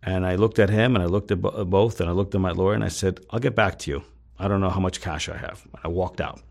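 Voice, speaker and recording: Male interview guest, raspy low voice; intense storyteller who voices the other people in his tale. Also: steady tone, quick pace, darkish tone. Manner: retells scenes with quoted dialogue, swears freely; intense, emphatic when upset.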